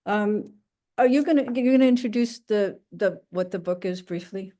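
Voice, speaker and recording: A woman poet reading her own poem aloud at a poetry reading, halting in the introduction and lilting in the recitation. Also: mid-range voice, warm tone.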